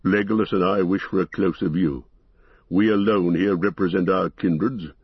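A man's voice: sits low, fairly even intonation, moderate pace, husky, dry recording, lo-fi sound. A man voicing a proud dwarf warrior in an audiobook, speaking bluntly. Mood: firm.

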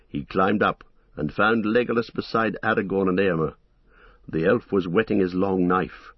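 A man narrating a storybook reading in a steady, measured way. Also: sits low, breathy edge, dry recording. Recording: dull lo-fi recording.

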